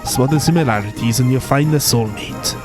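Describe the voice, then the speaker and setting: A man's voice: mid-range voice, a little fast, natural voice. A man voicing a chatty, boastful little male fairy sidekick in a Welsh accent, teasing and ending lines with tag questions, over game music.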